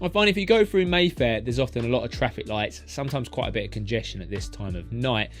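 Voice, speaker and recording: Taxi guy talking thru his routes, bouncy voice, medium pitch, chatty. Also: animated, fast talker, faint music behind. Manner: chatty, explains routes street by street. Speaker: London taxi driver. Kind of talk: narrated driving vlog commentary.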